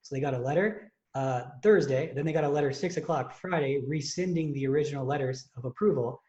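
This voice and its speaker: Podcast host, male, young adult, fairly high voice, animated and rambling. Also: a little fast, lo-fi sound. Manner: animated storytelling, many fillers and restarts. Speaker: podcast host and contest prep coach. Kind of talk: casual chat.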